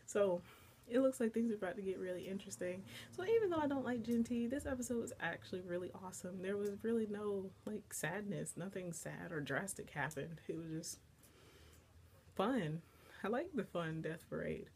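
A woman's voice: mid-range voice, lively intonation, moderate pace, darkish tone, slight background noise. A young woman casually recapping and reviewing an anime episode, chatty and full of filler words. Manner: chatty, lots of "like" and "blah, blah, blah".

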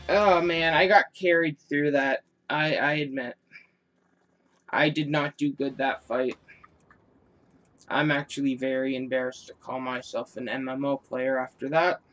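Slow-talking man joking over gameplay. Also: a little high, a bit bright. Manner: joking, self-mocking, swears freely. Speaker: gaming video creator. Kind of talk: casual gameplay commentary.

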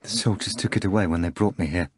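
A man's voice: sits low, fast talker, a little mellow, slightly rough, no room sound, clean studio sound. A man voicing a ragged, distrustful disciple of about forty who answers grimly and curtly.

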